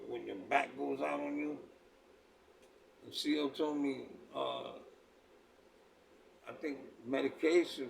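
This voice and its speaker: A man's voice: medium pitch, gravelly, slight background noise. A man tells a story in a laid-back street way, laughing at his own tale and filling his talk with "man" and "you know". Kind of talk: casual spoken storytelling. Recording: voice picked up from a distance.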